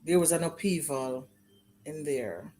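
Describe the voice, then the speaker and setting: A middle-aged woman with a notably low voice tells her life story in an interview. She speaks earnestly and with feeling, acting out remembered conversations. A faint hum sits behind her. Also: lively intonation, measured pace, dark tone. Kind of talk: personal testimony in an interview.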